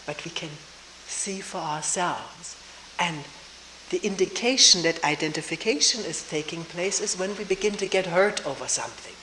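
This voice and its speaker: An older woman from Germany, giving a slow, thoughtful talk at a retreat with pauses and soft laughs. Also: fairly low pitch. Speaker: retreat teacher. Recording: roomy old tape with hiss.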